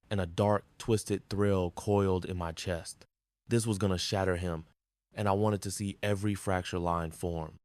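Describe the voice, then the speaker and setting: Deep grim male story narrator. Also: no room sound. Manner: grim, measured and intense.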